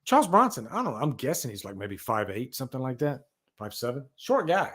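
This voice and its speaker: A man hosting a casual livestream, rambling and animated as he tells stories and reads out chat. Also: mid-range voice, brisk. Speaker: livestream host.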